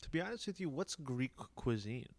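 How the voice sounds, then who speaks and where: A man's voice: mid-range voice, very animated, a little fast, no room sound. A man in casual chat, laughing easily and defending his side playfully.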